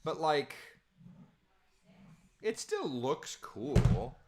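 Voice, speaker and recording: A man talks through the weather in a relaxed livestream from home, with lots of tangents. His pitch rises and falls a great deal as he chats. He sits at his computer's built-in mic. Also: drawn-out words, crowd noise. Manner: chatty and rambling, reading viewer comments aloud. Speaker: weather forecaster. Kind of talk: casual livestream forecast chat. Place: at home with his small children nearby. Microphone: computer camera mic.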